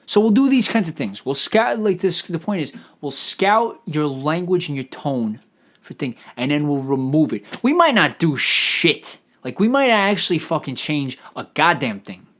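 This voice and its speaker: A man hosting a solo comedic podcast, riffing out loud in a profane, stammering ramble. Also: on the high side, lively intonation, normal speed. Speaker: podcast host.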